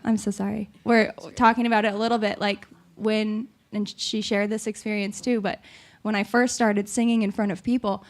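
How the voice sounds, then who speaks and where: A woman hosting a live songwriter show, talking on stage while close to tears, rambling and halting and laughing through it. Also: mid-range voice, flat delivery. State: tearful, on the verge of crying. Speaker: host and singer-songwriter. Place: small live music venue stage.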